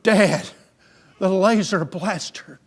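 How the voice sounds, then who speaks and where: A man's voice: sits high, brisk, a bit bright, voice pushed up. A man voicing a small boy who pleads and wails for a toy, in a pleading, insistent voice. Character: small boy begging, then wailing for a toy.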